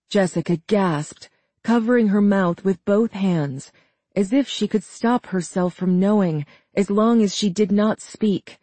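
An audiobook narrator giving a steady, measured scripted reading. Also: medium pitch, dry recording.

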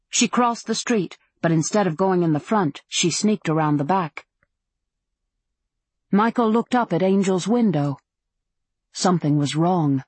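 A woman narrating a novel in a steady, measured reading. Her voice sits low and sounds husky and breathy, recorded close and dry with no room sound. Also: no room sound. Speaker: audiobook narrator. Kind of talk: scripted narration.

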